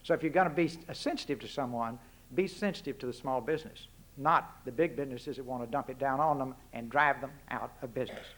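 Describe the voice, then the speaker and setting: Speaking quickly in a medium-pitched, slightly bright voice, this public speaker is a man in his sixties from Texas, with an accent to match. In a university lecture hall, he delivers a punchy, folksy address full of rhetorical questions.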